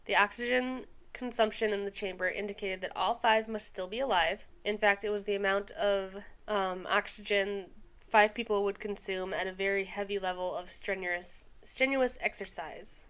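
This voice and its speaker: A woman's voice: medium pitch, fairly even intonation, moderate pace, fairly bright tone. Young woman podcast co-host, mid-range voice, reads a story aloud with chatty asides. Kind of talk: casual podcast chat, reading a story aloud.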